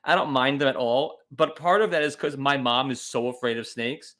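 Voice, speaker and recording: A man's voice: medium pitch, normal speed, a bit bright. A man co-hosting a casual comedy podcast with wry, offhand jokes. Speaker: podcast co-host.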